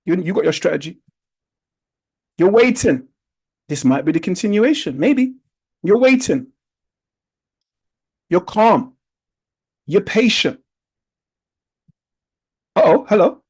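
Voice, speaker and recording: A man's voice: high-pitched, big pitch swings, moderate pace, long pauses, a little mellow, slightly rough, rough recording. A man teaching an online trading lesson over a video call, coaching in a repetitive, coaxing way with rhetorical questions. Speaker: trading instructor.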